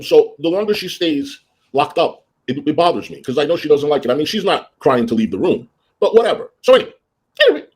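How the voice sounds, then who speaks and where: A man rants through a story on his livestream with a slightly high voice. He acts out both sides of an argument, leaping up in pitch for quoted lines and dropping low when he grumbles. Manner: greets viewers in a high sing-song voice. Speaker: livestream host.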